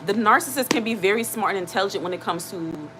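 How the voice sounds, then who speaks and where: A woman's voice: mid-range voice, fast talker, noisy background. A woman hosting her channel, talking in an earnest, repetitive, conversational way with many fillers. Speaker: channel host. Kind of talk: casual livestream chat.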